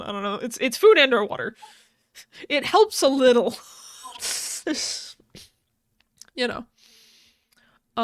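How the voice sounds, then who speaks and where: Bright, slow-talking woman recapping a book. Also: mid-range voice, clean tone, no room sound, clean studio sound. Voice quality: swears casually, laughs often mid-sentence. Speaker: podcast co-host. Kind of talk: casual book recap chat.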